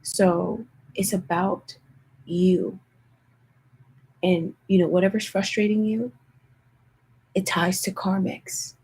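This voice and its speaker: A young woman tarot reader chatting casually with viewers in a hushed, half-whispered voice, often calling out to them directly. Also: mid-range voice, little pitch movement, slow pace, pauses often, husky, rough recording. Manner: chatty, keeps addressing viewers as "you guys". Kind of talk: casual livestream tarot chat.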